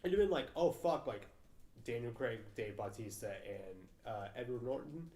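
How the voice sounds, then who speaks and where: A man's voice: medium pitch, lively intonation, moderate pace, warm tone. A young man co-hosting a casual film chat podcast, rambling and swearing, with lots of fillers. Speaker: podcast co-host. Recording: roomy echo.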